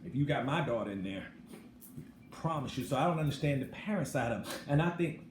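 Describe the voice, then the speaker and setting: A middle-aged man talking bluntly in a casual commentary monologue, swinging between loud outbursts and low asides. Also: animated, brisk. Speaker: channel host. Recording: echoey room with background noise.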